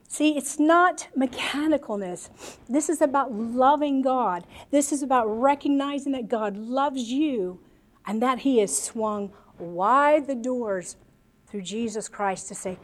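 A woman's voice: high voice, a little slow. An American woman preaching a sermon to a congregation, earnest and emotional, with chatty asides. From United States.

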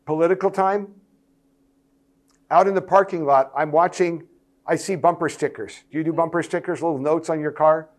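A man's voice: fairly high pitch, fairly even intonation, moderate pace. A man speaking as a pastor, giving earnest, emphatic practical advice to church leaders, often repeating his phrases for stress. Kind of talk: sermon-style talk to church leaders.

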